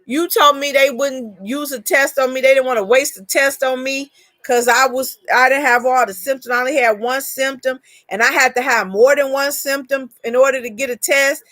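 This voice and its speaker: Lady chatting on her live stream, rambly storytelling, kinda high voice, dry close sound. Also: steady tone, moderate pace, hardly any pauses, a bit bright, no room sound. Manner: rambling personal storytelling, greets chat viewers. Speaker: live chat host. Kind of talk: casual live chat.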